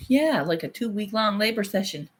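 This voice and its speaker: On her relaxed home livestream, a thirties-aged woman reads comments and replies to viewers, laughing and cursing often. She speaks at medium pitch with an expressive delivery and moderate pace, over a little hiss or hum.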